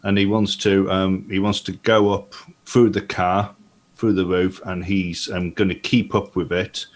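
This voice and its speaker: A man playing a tabletop game, describing his character's plans in a halting, repetitive way. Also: low voice, little pitch movement. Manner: hesitant, repeats himself. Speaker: player.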